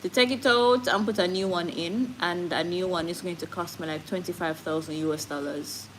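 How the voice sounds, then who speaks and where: A woman's voice: fairly low pitch, normal speed, slight background noise, low-quality recording. A woman with a Jamaican accent chatting candidly on a live stream, slipping into patois as she talks. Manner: candid, switching into patois, reads viewer comments. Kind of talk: casual live-stream chat.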